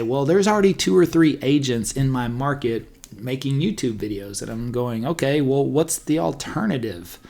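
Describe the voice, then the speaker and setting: A man hosting a podcast, telling a rambling story in a casual way, with lots of fillers and restarts. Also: mid-range voice. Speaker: podcast host and real estate agent.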